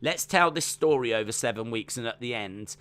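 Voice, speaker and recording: A man's voice: medium pitch, expressive, fairly quick, fairly bright tone. A man chatting casually as a wrestling watch-along streamer, rambling with lots of fillers. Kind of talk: casual live-stream commentary.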